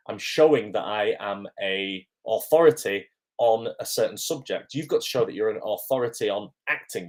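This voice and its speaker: A man's voice: on the low side, a little mellow. A man, an acting coach answering viewers' questions on a live stream in a friendly, chatty way with frequent ums.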